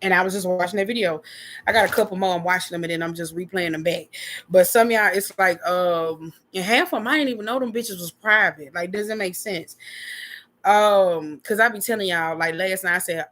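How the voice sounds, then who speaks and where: A woman's voice: fairly low pitch, fairly bright tone. Slangy, profane woman giving a tarot reading. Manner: loose, slangy, profane, with repeated filler phrases; drops into quick acted-out quotes of imagined people. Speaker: tarot reader. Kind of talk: casual tarot reading vlog.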